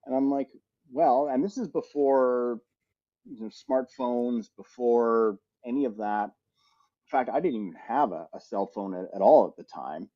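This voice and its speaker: A man's voice: mid-range voice, measured pace. Middle-aged man telling a rambling story. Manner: lively, rambling anecdote with frequent restarts. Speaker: podcast co-host. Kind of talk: casual storytelling. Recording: slightly muffled audio.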